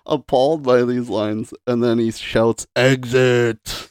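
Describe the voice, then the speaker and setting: A man's voice: medium pitch, fairly even intonation, a little slow, a little mellow, clear, resonant tone, dry recording. Laughing, dry-voiced podcast host man. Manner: reads movie quotes in hammy voices, laughs often. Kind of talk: casual chat.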